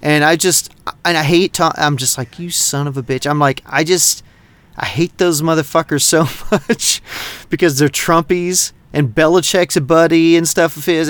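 A man's voice: a little high, clear, resonant tone, no echo. A middle-aged man from North Texas, a podcast co-host rambling in casual, profane chat. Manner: rambling, heavy swearing, animated.

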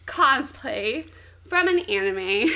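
Young woman, high voice, casual chat, animated storytelling, giggly. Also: very slow. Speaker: co-host recapping an anime.

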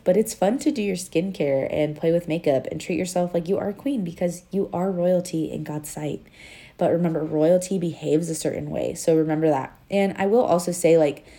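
A woman's voice: deep voice, dark tone. A woman hosting a casual faith-based podcast, talking earnestly in a chatty way full of fillers like "like" and "um". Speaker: podcast host and life coach.

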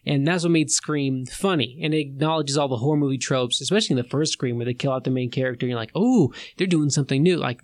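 A man's voice: medium pitch, quick pace, few pauses, no echo. A man co-hosting a casual podcast, ranting in exasperation with many restarts. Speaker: podcast co-host. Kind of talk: casual movie rant.

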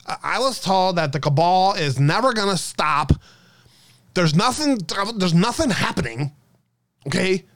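A man's voice: lively intonation, a little slow, vocal fry, a bit bright, exaggerated voice. A man putting on a mocking impression of a dismissive critic who scolds people for talking, sarcastic and whiny. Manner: sarcastic, scolding, higher-pitched.

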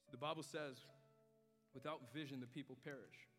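A male pastor preaching a sermon, swinging from hushed, low passages to loud, emphatic climaxes. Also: steady tone, a little fast. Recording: hall reverb with soft music beneath.

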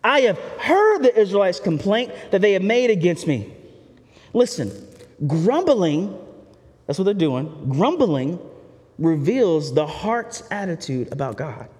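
A man's voice: high-pitched, sing-song, measured pace, darkish tone. A man preaching a sermon in a candid, conversational way, often turning to the listeners with asides. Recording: reverberant hall.

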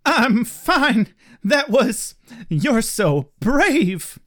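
A man voicing a flustered young woman in a halting, raised falsetto during a mock dramatic reading. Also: sing-song, fairly bright tone, full character voice.

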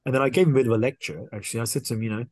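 A man, a podcast guest, casually telling a story and acting out the dialogue in an animated way. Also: mid-range voice, very fast, no echo. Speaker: guest watch collector.

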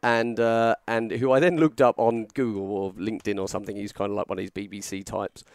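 Male podcast storyteller, animated, acts out voices; dry close-mic sound. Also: fairly low pitch, fairly quick, clear, resonant tone, dry recording. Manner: animated storyteller, acts out quotes, frequent fillers and restarts. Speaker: podcast co-host telling a story. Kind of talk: casual storytelling chat.

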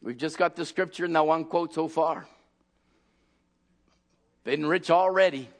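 A man preaching an impassioned sermon, acting out scenes and shouting at the peaks. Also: a little high, unhurried.

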